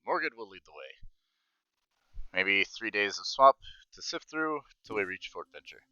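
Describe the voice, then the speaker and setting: A man's voice: fairly low pitch, very animated, normal speed, pushed and bright, clean tone, no room sound, dull audio, pitched above the performer's own voice, exaggerated voice. Man voicing a murmuring hobgoblin guide, Morgid. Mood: reassuring. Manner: murmuring, ominous. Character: male hobgoblin swamp guide, shifty and sly.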